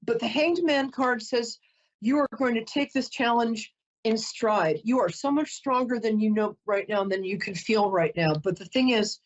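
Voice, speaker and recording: Woman, psychic reader, live call-in show, chatty, emotional, apologetic, higher pitch, dull lo-fi sound. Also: moderate pace.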